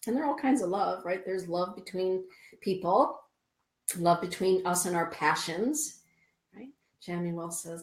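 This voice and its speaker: A woman's voice: on the low side, slow pace, echoey room. A woman hosting a spiritual radio show, chatting with listeners and reading oracle cards aloud to them. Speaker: radio show host and card reader.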